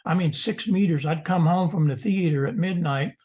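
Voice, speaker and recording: Older male guest speaker, husky tone, lively yarn-spinner on a video call. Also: on the high side, normal speed. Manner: animated, storytelling, mock-indignant asides. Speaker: guest presenter.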